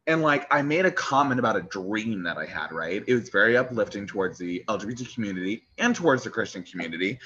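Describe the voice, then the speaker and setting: Feisty, swearing young man, bright tone. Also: lowish voice, quick pace, hardly any pauses. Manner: animated, swears a lot, gets feisty. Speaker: podcast co-host. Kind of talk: casual chat. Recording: dull lo-fi podcast audio.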